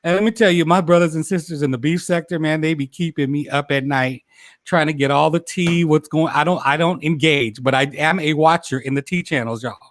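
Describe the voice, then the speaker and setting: This is a chatty man in his forties who hosts a casual livestream for his viewers. He talks a little high and laughs a lot, often tripping over his own words. The sound is dry and close, with no room around it. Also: brisk, fairly bright tone, dry recording. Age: 40s. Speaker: host.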